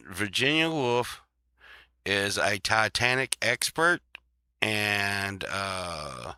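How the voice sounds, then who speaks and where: Male host, slow and rambling, profane, dry close sound. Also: lowish voice, bright, forceful tone, clean tone, no echo. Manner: rambling, profane, laughs often. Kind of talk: casual chat.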